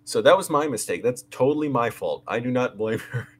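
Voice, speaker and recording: A man's voice: mid-range voice, lively intonation, a little fast, slightly rough. Rambling young man vlogging casually. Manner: rambling, candid, restarts and fillers, ranting about landlords. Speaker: vlogger, creative director of the channel. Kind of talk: casual live-stream chat.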